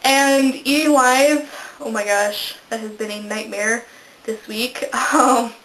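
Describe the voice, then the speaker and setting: A young woman in her twenties chats to camera in a casual vlog, her voice sitting a little high. She giggles often and makes fun of herself as she goes. The room around her rings with some echo. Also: steady tone, slow, fairly bright tone. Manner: chatty, giggly, self-deprecating. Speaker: vlogger. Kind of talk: casual chat. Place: indoors, a room in a house. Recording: echoey room.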